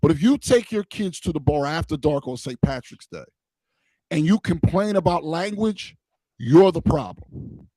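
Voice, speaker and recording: A man's voice: a little high, animated, normal speed, mellow, dry recording, poor audio. A man co-hosting a talk show, casual and blunt, laying out his opinions with emphasis. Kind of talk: casual chat.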